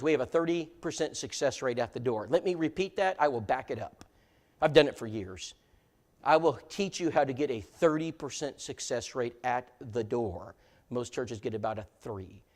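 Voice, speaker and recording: A man giving a church seminar talk, an animated storyteller who acts out the people he quotes. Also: medium pitch, brisk. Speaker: seminar speaker.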